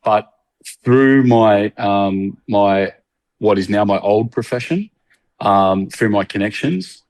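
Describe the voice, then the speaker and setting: A man with an Australian accent, a guest on a casual podcast interview, talking haltingly with many fillers and restarts. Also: fairly low pitch, darkish tone, dry recording.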